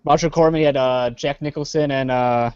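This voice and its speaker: A man's voice: medium pitch, fairly even intonation, brisk, a little mellow, clear, resonant tone, dry recording. A man co-hosting a casual live-streamed chat, rambling with lots of fillers. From Chicago area. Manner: rambling, trails off with many uh fillers. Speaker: podcast co-host. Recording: dull lo-fi live stream audio.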